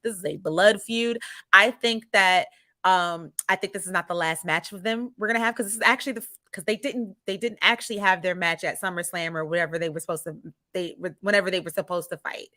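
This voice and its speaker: A woman co-hosts a casual podcast with a bright, forward voice. She talks with enthusiasm and laughs easily. The sound is dry and close. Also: on the low side, fast talker, no echo. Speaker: podcast co-host. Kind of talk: casual wrestling podcast chat.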